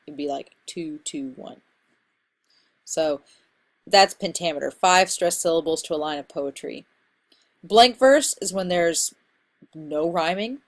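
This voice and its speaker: A woman instructor giving a casual recorded lecture on poetry terms, explaining in a relaxed, conversational way with fillers. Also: fairly low pitch. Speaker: college literature instructor.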